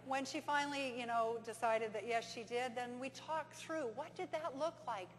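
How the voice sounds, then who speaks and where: A woman giving a conference talk, telling stories and acting out dialogue in an animated way. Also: high voice, moderate pace. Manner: animated storyteller, acts out dialogue. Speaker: conference presenter. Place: conference hall. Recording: reverberant hall with faint hum.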